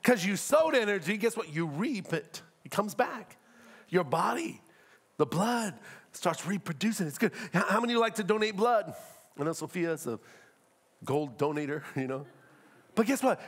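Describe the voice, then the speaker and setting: Lively high-voiced man preaching. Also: moderate pace, breathy edge. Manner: animated preaching with rhetorical questions and acted-out quotes. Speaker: pastor. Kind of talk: sermon.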